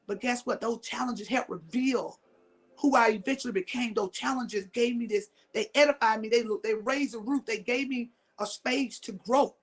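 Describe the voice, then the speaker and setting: A woman's voice: fairly high pitch, moderate pace, slightly rough. Emphatic woman giving a motivational talk. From Mississippi, US. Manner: emphatic, repeats key phrases, asks audience questions. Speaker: motivational speaker.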